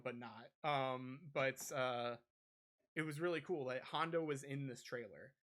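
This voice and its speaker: On a gaming podcast, a male co-host of medium pitch talks at a moderate pace with a steady yet bright, forceful tone. The conversation is casual and rambling, packed with fillers and restarts.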